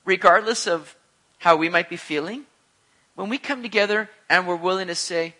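Guy pastor preaching, high bright voice, gets really animated and jokey. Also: normal speed. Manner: animated, joking asides. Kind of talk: sermon.

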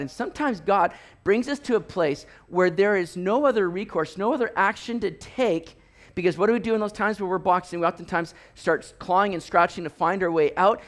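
Animated, high-voiced pastor preaching. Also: male voice, a little fast. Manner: animated storytelling, acts out voices, rising to near shouts. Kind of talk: sermon.

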